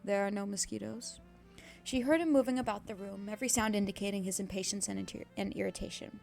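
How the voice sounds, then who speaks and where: A woman's voice: medium pitch, steady tone, fast, vocal fry, a little mellow, soft background music. A young woman streaming herself reading a classic novel aloud, breaking off into cursing asides. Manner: reads steadily with sudden cursing asides.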